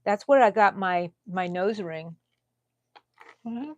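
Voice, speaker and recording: A woman in her sixties with a Texan accent talks her viewers through her crochet work in a dry, close recording with no room sound. Her voice sits at an ordinary middle pitch. She chats freely, then sinks into soft mutters and whispers while she counts stitches. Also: lively intonation, takes it slowly, no echo, muffled recording. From Texas. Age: 60s. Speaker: crochet live-stream host. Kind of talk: casual chat while crocheting live.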